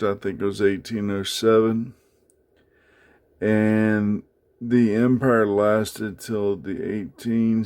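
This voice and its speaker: Slow, gravelly man showing his coins. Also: on the low side, darkish tone. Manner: unhurried, many fillers, speaks haltingly while handling items. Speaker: coin collector showing his collection. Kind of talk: casual show-and-tell vlog.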